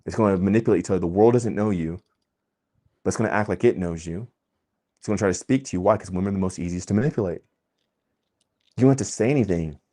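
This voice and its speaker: A man giving an impassioned, preachy monologue as the host of his own channel. He talks emphatically, swinging between loud bursts and quiet asides. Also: low voice, fast, long pauses. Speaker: vlogger host.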